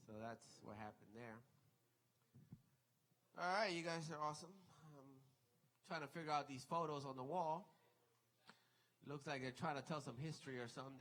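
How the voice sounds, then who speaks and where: A man's voice: on the high side, a bit bright, low-quality recording. A man doing live stand-up at a club mic, with a friendly voice and a playful way of dropping into mock voices. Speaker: stand-up comic. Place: comedy club stage.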